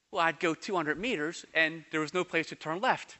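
A man delivers a sermon in a high, bright voice, telling a personal story in quick, animated bursts. He slows right down whenever he reads scripture aloud. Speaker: pastor.

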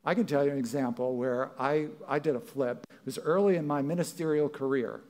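A man's voice: medium pitch, brisk, a little mellow. A male pastor preaching a sermon in a church, talking conversationally and acting out what people might say. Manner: conversational, acts out quoted voices.

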